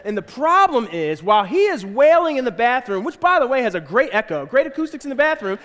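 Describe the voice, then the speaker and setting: Pastor guy preaching, high voice, animated, acts out the kids' voices, big echoey church hall. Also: fairly quick. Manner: animated, acts out voices of his kids and wife. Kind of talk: sermon storytelling. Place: church auditorium.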